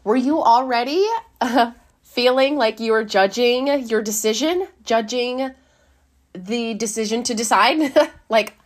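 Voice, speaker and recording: A woman, a life coach giving a gentle, encouraging talk with a slightly dry throat, who laughs often and acts out inner voices. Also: on the high side, a little slow. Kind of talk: casual motivational talk.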